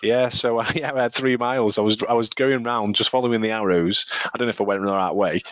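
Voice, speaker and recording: A man's voice: mid-range voice, fairly even intonation, quick pace, fairly bright tone, clear, resonant tone, dry recording. A man from England on a podcast, telling a rambling running story with lots of laughter and repeated words. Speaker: podcast co-host. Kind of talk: casual chat, storytelling.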